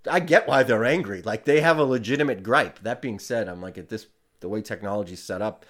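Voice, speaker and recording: A man's voice: lowish voice, a little fast, fairly bright tone. A young man, a comedian guest on a podcast, telling a casual story with lots of fillers and acted-out back-and-forth. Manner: rambling, filler-heavy, retells exchanges in dialogue.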